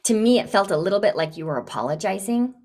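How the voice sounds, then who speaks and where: Woman coach on a podcast, encouraging, mid pitch, talks straight to her client. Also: quick pace. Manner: encouraging, acts out lively enthusiastic examples. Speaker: business coach and podcast host. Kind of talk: live coaching session.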